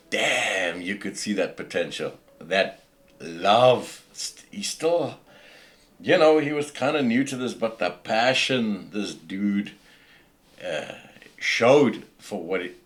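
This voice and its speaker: Passionate South African man, lively delivery. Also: lowish voice. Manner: passionate, preachy, with many restarts. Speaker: podcast host. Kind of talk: casual podcast rant. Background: faint background music.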